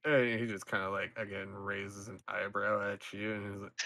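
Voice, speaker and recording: A man narrating a tabletop game as its game master. His voice sits on the low side, and his narration is loose and full of fillers. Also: flat delivery, normal speed, bright, forceful tone.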